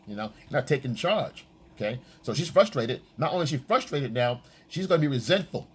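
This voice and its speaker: A man coaching on dating in a casual, profane monologue, acting out quoted lines in a high voice. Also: expressive, a little fast, slightly rough.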